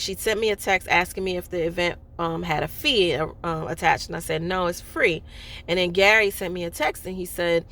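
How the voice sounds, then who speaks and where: Woman rambling thru a personal story, lots of ums and restarts, lowish voice. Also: a bit bright. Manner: rambling, candid, many fillers and restarts. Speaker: speaker sharing a personal story.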